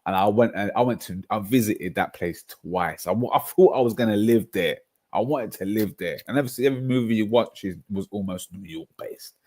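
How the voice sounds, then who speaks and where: A man with a London accent hosting a casual football livestream, talking in an animated way, laughing often and reading out chat. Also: lowish voice, brisk, hardly any pauses. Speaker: streamer.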